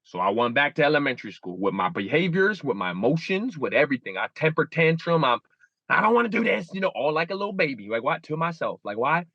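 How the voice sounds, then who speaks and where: This thirtysomething man speaks quickly with hardly any pauses, animatedly voicing his own inner dialogue in shifting pitches as a guest in a candid interview. The audio is dull, with no room sound.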